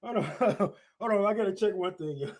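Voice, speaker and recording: High-voiced man on a profane rant. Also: lively intonation, unhurried, darkish tone. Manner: profane, laughs often, heated. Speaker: political commentator. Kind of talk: casual political rant.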